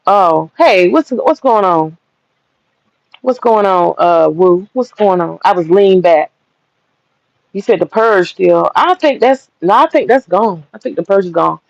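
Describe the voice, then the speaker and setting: A woman's voice: medium pitch, lively intonation, a little slow, gravelly, dry recording. A woman holds forth on her livestream in a blunt, profane, heated rant. She hits her points hard. The audio is dull, lo-fi and dry. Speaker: livestream host.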